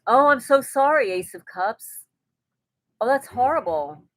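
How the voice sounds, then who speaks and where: A woman's voice: on the high side, expressive, measured pace, no room sound, rough recording. A woman hosting a casual live stream, reading viewers' comments aloud and answering them in a chatty way. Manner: chatty, with frequent restarts and light laughter.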